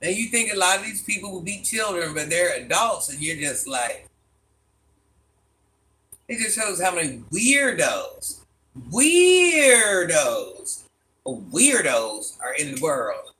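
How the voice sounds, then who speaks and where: Animated man with bright, lively delivery. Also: a little high, unhurried, slight background noise. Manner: animated, exasperated, rhetorical questions, laughs often. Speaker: livestream host reading chat. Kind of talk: casual livestream chat.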